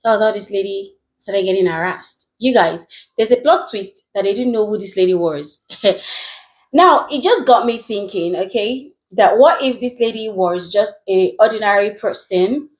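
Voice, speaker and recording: A woman's voice: mid-range voice, lively intonation, moderate pace. Chatty woman host introducing a clip. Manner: chatty, addresses viewers directly. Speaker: channel host. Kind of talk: casual story introduction.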